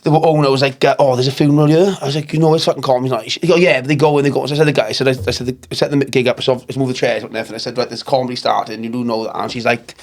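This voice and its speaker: A man hosting a casual pub podcast, telling sweary stories at speed and shouting out impressions of the people in them. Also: medium pitch, steady tone, racing, hardly any pauses. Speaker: comedy promoter and podcast host.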